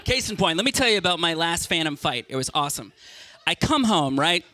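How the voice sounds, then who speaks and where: A man performing a stand-up comedy set, telling stories in an animated way and often stammering and repeating words. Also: on the high side, fairly quick.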